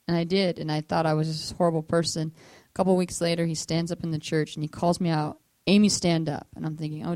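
A woman's voice: sits low, a little mellow, dry recording. A middle-aged woman minister telling her life story to a group, acting out voices and laughing as she goes. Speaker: minister sharing testimony. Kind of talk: testimony talk to a group.

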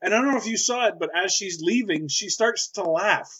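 Slightly high-voiced man chatting about a film. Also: a little fast, fairly bright tone, husky, muffled recording. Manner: chatty, asks questions about the plot. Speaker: podcast co-host. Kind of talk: casual chat.

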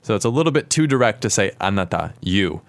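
Low-voiced man teaching a podcast lesson. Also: expressive, fast talker, no room sound. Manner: clear, explanatory, asks his co-host questions. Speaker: language teacher and podcast host.

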